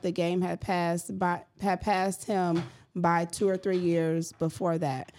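A woman hosting a casual sports debate show, calling out matchups briskly, teasing her panel and reading facts aloud. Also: fairly low pitch, a little mellow. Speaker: sports talk show host.

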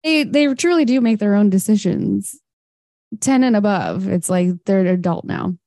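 A woman's voice: medium pitch, expressive, normal speed, mellow, dry recording. Woman podcast cohost rambling through a history story, dry close sound. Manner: storytelling, chatty with fillers and laughs. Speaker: podcast co-host. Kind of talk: casual history chat.

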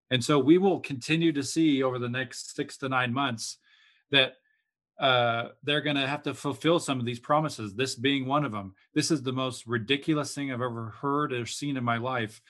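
Man co-host from Alaska, middle pitch, indignant rant. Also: fairly bright tone. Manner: indignant, ranting. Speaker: podcast co-host. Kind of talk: political talk show chat.

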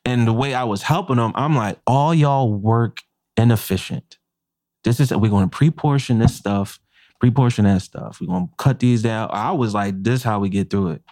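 Here a man speaks at a mid-range pitch and normal speed, with studio-quality sound and no room noise. In an animated, profane retelling of a workplace incident, the chef and podcast co-host chats casually and voices the quotes himself.

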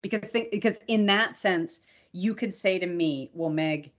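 A woman's voice: mid-range voice, moderate pace, a bit bright, highs cut off. A woman co-hosting a podcast, talking in an earnest, reflective way in casual conversation. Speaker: podcast co-host.

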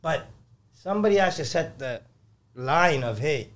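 A man who owns a construction company, telling stories in a lively, profane way on a casual podcast. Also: fairly high pitch, normal speed. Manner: animated, profane storytelling.

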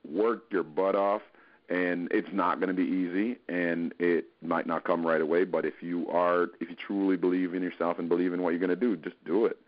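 A man's voice: low voice, little pitch movement, normal speed. A man who is a guest actor in a casual podcast interview, talking earnestly and encouragingly as he thinks aloud. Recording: dull lo-fi podcast audio.

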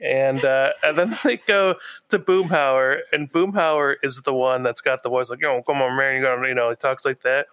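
A man's voice: medium pitch, moderate pace, smooth. A man chatting casually on a podcast, recounting a cartoon episode with a lot of laughter and filler words. The sound is dry and close, with no room echo. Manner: laughs often, animated retelling with filler words. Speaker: podcast co-host. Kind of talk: casual chat.

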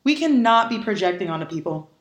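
A woman at a middling pitch, talking candidly and with emphasis in a relaxed podcast chat. She stresses her points and swears bluntly, and the room around her gives the voice a noticeable echo. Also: fast. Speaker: podcast guest. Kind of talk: casual podcast conversation.

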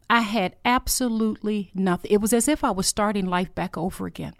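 A middle-aged woman speaks close to the mic in a dry, dead room, sharing a personal faith testimony. Her voice is earnest and heartfelt, at times emotional, with a mid-range pitch. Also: normal speed, dry recording. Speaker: podcast host.

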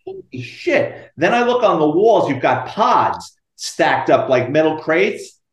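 A retired police detective, telling animated, profane stories in a podcast interview and acting out the quotes. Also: male voice, on the high side, unhurried, echoey room. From New York.

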